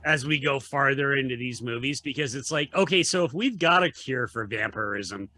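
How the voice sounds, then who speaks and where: A man's voice: mid-range voice, moderate pace, bright, forceful tone, slight background noise. A man co-hosting a podcast, working through arguments about films in a casual way, with occasional swearing. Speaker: podcast co-host. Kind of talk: casual film discussion.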